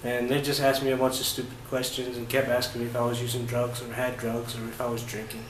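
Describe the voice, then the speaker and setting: A man's voice: medium pitch, monotone. Roomy-sounding man telling a travel story. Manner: halting, many fillers and restarts. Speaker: travel vlogger. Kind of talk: casual first-person storytelling. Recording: roomy echo with faint ambient noise.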